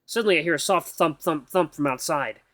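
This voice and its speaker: A man's voice: on the high side, a little fast, fairly bright tone, no echo. A gaming YouTuber, a man, reads a visual novel aloud in a casual, tired way and sometimes stumbles over the words.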